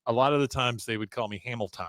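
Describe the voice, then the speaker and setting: Talking fast in a medium-pitched, slightly bright voice, a man co-hosting a podcast casually recaps an episode while acting out what the characters say. The studio sound is clean, with no echo.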